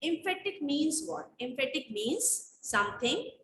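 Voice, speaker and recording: A woman teaching grammar in an online class, speaking slowly and repeating questions to her students. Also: high-pitched, very animated, bright, forceful tone, echoey room. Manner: slow, repetitive, quizzing students. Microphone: video call.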